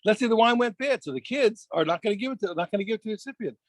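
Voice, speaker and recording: A man teaching a daf yomi Talmud class, animated, restarting phrases and quizzing his students. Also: sits high, racing, dry recording.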